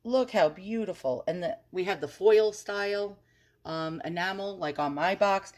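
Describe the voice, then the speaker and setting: A woman's voice: mid-range voice, measured pace. A woman hosting an antiques channel, talking casually and frankly as she browses listings on her computer, swearing mildly and stumbling over French words. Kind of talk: casual screen-recorded research commentary.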